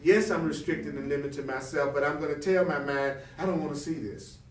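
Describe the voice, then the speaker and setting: A man's slightly high voice moves briskly as he reads from a spiritual text and then interprets it, asking rhetorical questions and acting out example conversations with animation. The mic is distant and the room sounds roomy.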